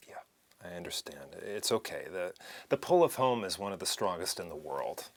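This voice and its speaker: A deep-voiced, teasing flirt , played by a man in a scene. His pitch swings widely as he jokes, wry and easygoing in a stage-scene style. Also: sing-song, moderate pace. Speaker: actor in a scene.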